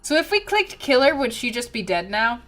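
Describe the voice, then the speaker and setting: A woman reading a guilt-ridden detective's narration from a story game, in a low, even way. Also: moderate pace. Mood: remorseful.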